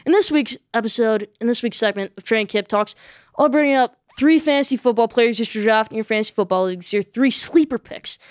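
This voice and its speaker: Woman doing a solo sports podcast, talks super fast, keeps saying okay?, all fired up, dry close sound. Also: on the high side, clear, resonant tone, dry recording. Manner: emphatic, repeats points with a tag "okay?"; excitable, animated opinions.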